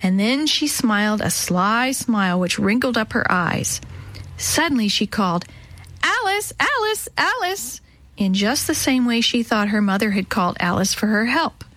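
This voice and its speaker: A woman reading a children's story aloud in a gentle, expressive way, giving each character a voice. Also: mid-range voice, normal speed, rough recording.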